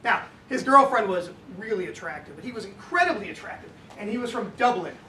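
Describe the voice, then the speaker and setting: A man's voice: sits high, lively intonation, a little fast, sharp tone. A middle-aged man telling a comic personal story at a live reading, wry and self-deprecating, chatting to the crowd. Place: indoor live event venue. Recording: distant, echoey live room with background noise.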